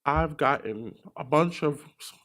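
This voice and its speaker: A man's voice: on the high side, measured pace, a bit bright. A man gives an earnest graduation speech for his class, with some fillers. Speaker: graduate speaker.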